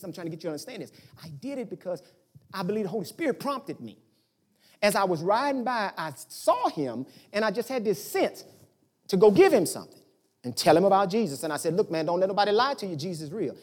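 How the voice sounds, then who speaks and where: A man preaches a sermon and talks straight to his congregation in plain everyday words. His pitch swoops and leaps with lively energy. He climbs to loud, pressing emphasis and then sinks to near-hushed storytelling. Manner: colloquial, emphatic, addresses congregation directly.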